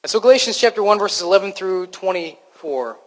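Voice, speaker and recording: A man with a high voice delivers a sermon in an easy, conversational way, often stumbling and restarting, and poking fun at himself. His words ring out with a long reverb, as in a large church hall. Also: lively intonation, a little fast. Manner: conversational, self-deprecating, frequent restarts. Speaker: preacher.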